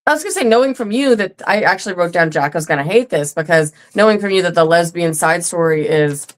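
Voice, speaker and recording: A woman's voice: lowish voice, animated, fast talker. A woman co-hosting a podcast, chatting casually and bluntly about a TV episode, swearing freely. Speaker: podcast co-host. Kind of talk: casual recap chat.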